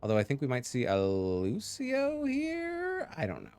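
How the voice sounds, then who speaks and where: A male esports caster calls a live match at a mid pitch that leaps and dips constantly. He mixes play-by-play with silly, jokey asides. Faint music sits underneath. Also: unhurried, smooth. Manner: goofy, jokey, animated asides. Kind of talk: live game commentary.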